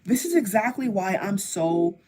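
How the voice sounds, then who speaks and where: Woman vlogger, fired-up commentary, repeats herself for emphasis, medium pitch. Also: animated, a little slow, a little mellow. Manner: emphatic, repetitive, addresses viewers directly. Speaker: political vlogger. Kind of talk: impassioned commentary to camera.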